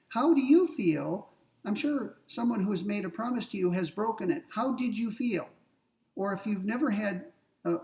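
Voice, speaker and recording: A man's voice: sits high, vocal fry, darkish tone, far from the mic, low-quality recording. A man giving a recorded philosophy lecture, explaining points methodically, repeating key ideas and asking rhetorical questions.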